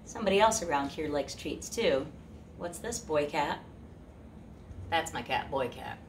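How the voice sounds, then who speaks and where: A woman hosting a children's music show, talking softly and playfully to young listeners and pretending to forget things. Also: low voice, animated, unhurried, distant mic, slight background noise. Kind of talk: gentle talk to children. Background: guitar.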